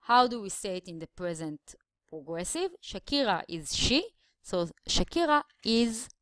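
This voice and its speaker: A woman's voice: medium pitch, very animated, a bit bright, no room sound, studio quality. Woman teaching English grammar. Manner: explains slowly, stretching syllables to show stress. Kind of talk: grammar lesson voice-over.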